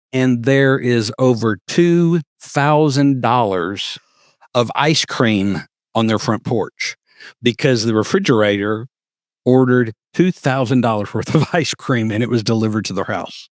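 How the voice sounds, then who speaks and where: A man's voice: mid-range voice, unhurried, no room sound, studio quality. A middle-aged man, co-hosting a casual chat show and explaining things in an easygoing, patient way. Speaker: podcast co-host.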